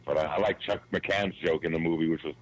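A man with a very deep voice chats on a radio panel and laughs along with the host. His sound is dull and lo-fi. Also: steady tone, quick pace. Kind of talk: casual radio chat.

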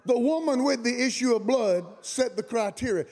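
A man preaching a fiery sermon as guest pastor, shouting and colloquial. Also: extremely high pitch, normal speed, creaky. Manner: shouting, colloquial, Southern-style preaching with rising emphasis. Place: large camp meeting venue.

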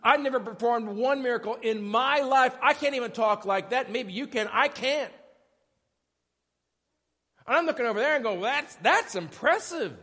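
A man's voice: extremely high pitch, normal speed, pauses often, a bit bright. A male pastor preaching a sermon in a conversational, emphatic way, often stopping to ask questions. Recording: echoey church hall.

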